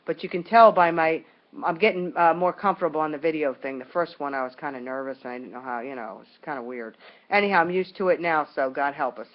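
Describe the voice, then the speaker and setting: A woman's voice: sits low, quick pace, dull audio. A woman recording a casual video message at home, talking in a rambling, colloquial way with lots of fillers and restarts. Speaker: vlogger speaking to viewers.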